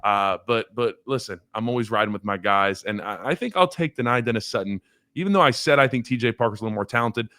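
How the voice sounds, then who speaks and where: A man talking football on a casual podcast, his voice sitting a little low. He rambles, repeats his words and laughs at his own stories. The sound is dry and close to the mic. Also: quick pace, pushed and bright, no room sound. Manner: rambling, self-deprecating, laughs while telling stories. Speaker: former college offensive lineman, guest. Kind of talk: casual sports podcast talk.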